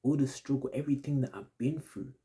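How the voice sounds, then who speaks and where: A man's voice: medium pitch, quick pace, warm tone. A young man telling a story to his audience in a casual, rambling, slang-heavy way, repeating himself often. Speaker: vlogger.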